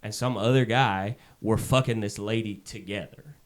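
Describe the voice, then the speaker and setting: A young man, a podcast guest, telling a comedic story in a casual, animated way, swearing freely and acting out other people's voices. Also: fairly low pitch, moderate pace.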